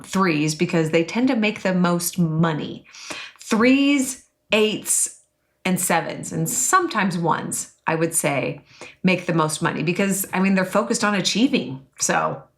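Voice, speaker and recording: A woman teaching about personality types in a chatty, expressive way, often acting out quotes. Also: mid-range voice. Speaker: Enneagram coach and teacher. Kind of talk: casual teaching talk to an online class.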